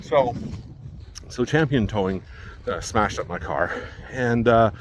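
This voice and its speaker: A man's voice: mid-range voice, animated, a little slow, a little hiss or hum. A man telling a long story in a rambling, exasperated way and acting out what other people said. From Manitoba, Canada. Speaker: vlogger. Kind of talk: casual storytelling.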